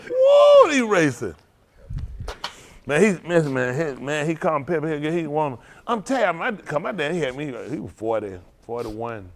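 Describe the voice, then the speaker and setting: A man, a preacher telling loose, animated stories to his congregation, laughing often and repeating himself as he goes. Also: fairly high pitch, normal speed. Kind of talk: loose storytelling sermon.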